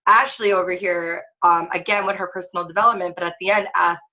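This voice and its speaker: A woman's voice: on the low side, steady tone, brisk, bright, forceful tone, highs cut off. A woman fitness coach leading a casual online training webinar, chatty and upbeat with lots of filler words.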